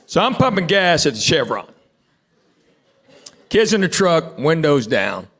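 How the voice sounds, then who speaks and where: A middle-aged man from Tennessee with a Southern accent, doing stand-up crowd work in a laid-back drawl with dry, deadpan asides. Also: on the high side, measured pace. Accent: Southern American. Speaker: stand-up comedian. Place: theater stage before a laughing audience. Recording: roomy hall with loud crowd noise.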